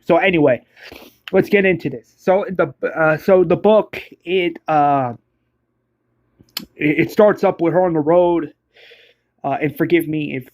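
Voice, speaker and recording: A man's voice: a little high, dry recording, muffled recording. A man giving a casual spoken book review, rambling and exasperated, stumbling over restarts and swearing.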